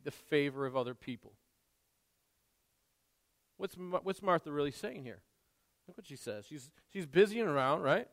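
A man's voice: on the high side, fairly bright tone, clean tone. A male pastor preaching a sermon in a church, earnest and conversational, with frequent restarts and asides. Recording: long reverb in a large hall.

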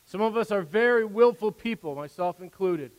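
A pastor preaches from the pulpit of a church sanctuary in a high, animated voice at a moderate pace, earnest and conversational, building with rising emphasis and slipping in asides. The sound is lo-fi, with a long hall reverb trailing his words.

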